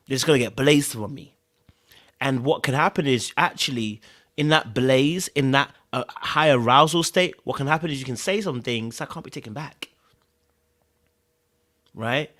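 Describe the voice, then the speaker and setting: Male podcast host, mid pitch, emphatic and repetitive, keeps checking in with listeners as he talks through advice. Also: a bit bright. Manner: emphatic, repeats key words, keeps checking in with "right?". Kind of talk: casual advice talk to live viewers.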